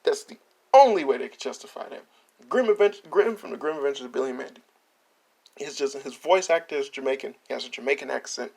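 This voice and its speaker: A man's voice: mid-range voice, expressive, fast, creaky, darkish tone. A man hosting a reaction video, ranting in exasperated, profane, mocking commentary and laughing often.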